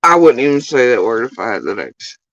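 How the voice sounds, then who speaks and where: A woman's voice: rumbling low, big pitch swings, fast, no echo, lo-fi sound. Profane, mocking woman streamer. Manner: sarcastic, mocking, swears constantly. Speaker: streamer reacting to clips. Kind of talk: profane ranting commentary.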